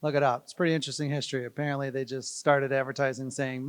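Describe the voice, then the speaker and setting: A man's voice: medium pitch, level tone, fast talker, few pauses, smooth, no room sound. A man giving a playful, rambling wedding speech at a reception, joking with the crowd. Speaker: wedding guest giving a toast.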